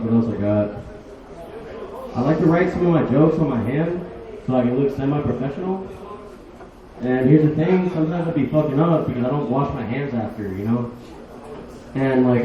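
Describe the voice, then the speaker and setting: A man doing a crude stand-up set, telling stories loud and acting out other voices, recorded in a small bar. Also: mid-range voice, moderate pace, long pauses. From Los Angeles. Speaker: stand-up comedian. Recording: distant echoey bar mic, muffled.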